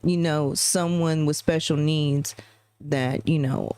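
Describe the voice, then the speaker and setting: Animated woman telling a story. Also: takes it slowly, clear, resonant tone, no room sound. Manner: animated, mimics people with high exaggerated voices. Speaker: podcast co-host. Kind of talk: casual storytelling chat.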